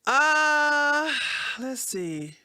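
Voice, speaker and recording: Woman ranting on her livestream, cussing a lot, fairly high bright voice, real heated. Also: very animated, drawn-out words. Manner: blunt, swearing, heated and emphatic; reads viewer comments aloud. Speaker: livestream host. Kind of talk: profane livestream rant.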